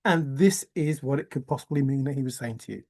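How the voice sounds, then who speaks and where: A man's voice: mid-range voice, a little fast, a little mellow. A man rambling in a teasing, giggly solo monologue, often laughing and repeating words. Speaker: treasure-hunt video maker.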